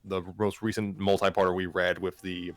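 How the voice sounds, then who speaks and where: Easygoing young guy, really deep voice, dry close sound. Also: flat delivery, normal speed, no room sound. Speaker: podcast host. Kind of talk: casual chat.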